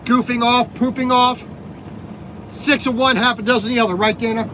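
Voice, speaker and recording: A man's voice: extremely high pitch, little pitch movement, brisk. A man from Minnesota vlogging from his truck cab, making wry, grumbling remarks about other drivers and his loads. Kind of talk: casual vlog commentary while driving. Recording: dull lo-fi sound with loud road noise.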